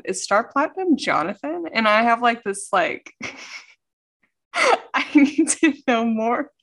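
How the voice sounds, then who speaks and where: A woman co-hosting a casual podcast, chatting quickly and laughing often. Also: medium pitch, fairly bright tone. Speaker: podcast co-host. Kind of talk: casual chat.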